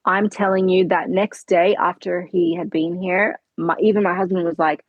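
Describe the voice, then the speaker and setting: A middle-aged woman who tells her story with earnest feeling and plays the voices in her dialogue. Her voice sits a little low and has a husky edge. The sound is dry and close. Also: fairly even intonation, moderate pace, no echo, highs cut off. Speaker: podcast guest. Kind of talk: conversational interview.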